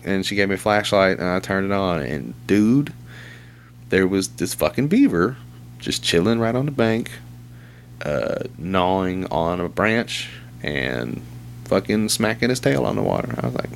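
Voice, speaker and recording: A man's voice: on the low side, big pitch swings, unhurried, gravelly. A man telling crude, rambling stories in casual chat, swearing and laughing often. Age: young adult to middle-aged, father of a two-year-old.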